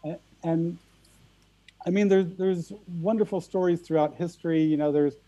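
A man from the central United States, a guest telling stories in conversation, halting and often repeating his words. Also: fairly high pitch, steady tone, mellow. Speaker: guest speaker. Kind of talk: storytelling in conversation.

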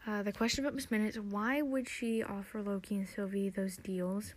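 A young woman hosting a podcast, recapping and theorizing in a chatty, excitable way with lots of fillers. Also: mid-range voice, normal speed, no echo. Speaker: podcast host.

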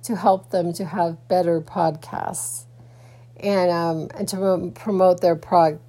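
A woman's voice: lowish voice, steady tone, slow pace, warm tone. A woman podcaster talking in a casual personal vlog, rambling with many restarts and fillers, sleepy and yawning early in the morning.

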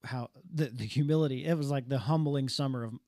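A man's voice: mid-range voice, brisk, dry recording. Earnest man telling a story, dry sound. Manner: earnest, animated storyteller with frequent restarts. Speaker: podcast co-host. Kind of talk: casual storytelling chat.

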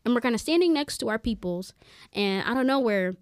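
A young adult woman co-hosting a podcast, telling a story in casual chat, animated and full of "like", acting out what people said. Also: on the high side, a little fast, clear, resonant tone. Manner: animated, chatty, full of "like" and acted-out quotes. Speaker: podcast co-host.

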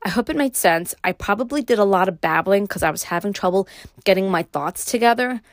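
A middle-aged woman with a Brooklyn accent hosting her own podcast, talking alone in a casual, rambling way with many pauses and restarts. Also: mid-range voice, lively intonation, dry recording, studio quality. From New York. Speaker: podcast host. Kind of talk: casual solo podcast monologue.

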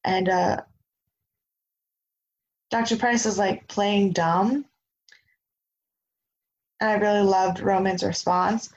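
A woman co-hosting a podcast, casually recapping a TV episode with quick asides. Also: medium pitch, steady tone, lo-fi sound, slight background noise. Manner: chatty, quick asides, acts out quotes. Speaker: podcast co-host.

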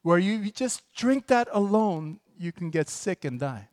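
A male pastor delivering a sermon in a fairly high voice, chatting and joking with his congregation before pressing his points with rising emphasis. The sound is close and dry, with no room around it. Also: sing-song, unhurried, darkish tone, no echo. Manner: conversational and joking, with sudden emphatic bursts.

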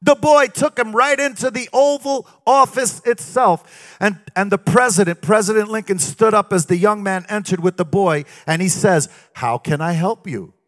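A man's voice: high-pitched, moderate pace, a bit bright. A man preaching a sermon in a sing-song cadence, breaking often into exclamations of praise.

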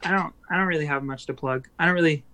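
A man's voice: a little high, quick pace, pushed and bright, a little hiss or hum. A young adult man, a musician guest on a podcast, chatting casually and rambling with many fillers and restarts.

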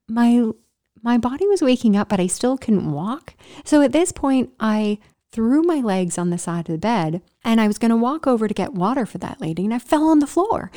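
A middle-aged woman telling a personal story in an animated vlog style, laughing often and dropping into whispers for emphasis. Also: medium pitch, moderate pace. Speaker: vlogger.

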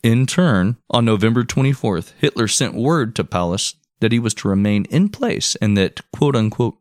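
A man's voice: medium pitch, expressive, normal speed, few pauses, dry recording, clean studio sound. A man co-hosting a history podcast, reading out his notes in a laid-back, profane way. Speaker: podcast co-host. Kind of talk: casual history podcast narration.

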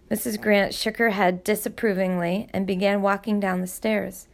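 A woman reading a novel aloud with expressive, steady audiobook narration. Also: mid-range voice, normal speed, gravelly, few pauses. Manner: expressive storytelling.

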